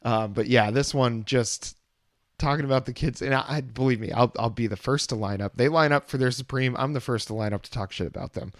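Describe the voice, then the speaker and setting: A man's voice: medium pitch, a little fast, dry recording, studio quality. A man co-hosting a casual music podcast, talking in a laid-back, rambling way. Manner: laid-back, rambling, many fillers and restarts. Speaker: podcast co-host. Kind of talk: casual album review chat.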